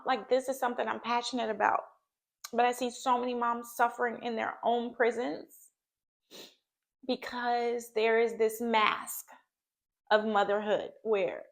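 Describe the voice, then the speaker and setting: A woman's voice: a little high, level tone, a little slow, gravelly. A woman speaking as a therapist and mother, giving earnest, reassuring advice to camera and often checking in with "okay?". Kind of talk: heartfelt talk to camera.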